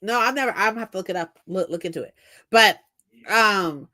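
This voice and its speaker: A woman's voice: medium pitch, fairly quick, pushed and bright. A young adult woman chatting casually on a livestream, blunt and profane, laughing often as she retells workplace arguments. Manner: blunt, swears freely, laughs a lot; acts out both sides of workplace arguments. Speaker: book streamer.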